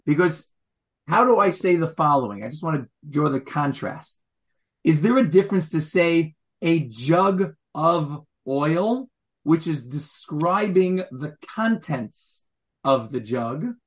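A man's voice: fairly high pitch, lively intonation, slow pace. A man teaching a Torah class. He asks his listeners questions and explains Hebrew wording as he goes.

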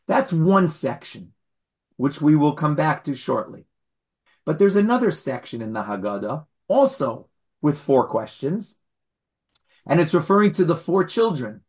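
Husky-voiced rabbi giving a chatty class. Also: male voice, on the high side, measured pace. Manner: animated and chatty, with playful asides to the audience. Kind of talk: conversational lecture.

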